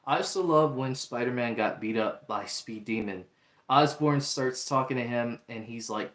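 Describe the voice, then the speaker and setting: A man talks through a show review in a loose, chatty way, full of fillers and restarts. His pitch sits in the middle. The room around him gives a noticeable echo. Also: a little slow, a bit bright. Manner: chatty, many fillers and restarts, acts out quotes. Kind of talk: casual review talk. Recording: roomy echo.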